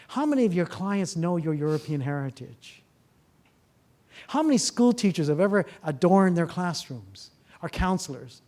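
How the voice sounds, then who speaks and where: A man, a therapist, giving a public talk to a live audience, telling stories and asking the listeners rhetorical questions. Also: a little high. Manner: acts out dialogue in lively voices.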